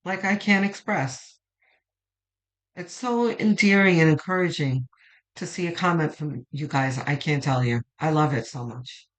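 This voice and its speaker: A woman's voice: deep voice, measured pace, rough recording. A woman giving a weekly tarot reading in an informal vlog, chatty and emphatic, swearing for emphasis and cheering her viewers on. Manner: emphatic, fired-up encouragement. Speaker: tarot reader.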